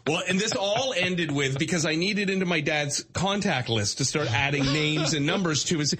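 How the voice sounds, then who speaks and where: A middle-aged man telling a story in casual chat, animated and acting out voices. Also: fairly high pitch, moderate pace, breathy edge.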